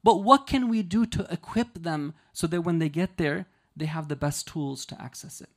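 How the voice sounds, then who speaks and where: A man giving an earnest, explanatory sermon. He tells a story slowly, stresses key lines and keeps checking in with listeners by asking "right?". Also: a little high. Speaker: religious lecturer.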